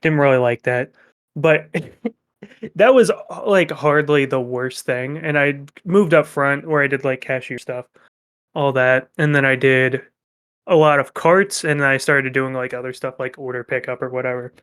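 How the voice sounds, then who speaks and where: A young man co-hosting a podcast, telling work stories in a profane, animated way. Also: medium pitch, a little slow, smooth. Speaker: podcast co-host. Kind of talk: casual chat.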